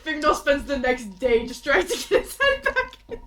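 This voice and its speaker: High, lively female player, giggly; roomy, noisy recording. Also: moderate pace. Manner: giggly, animated. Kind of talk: casual tabletop play.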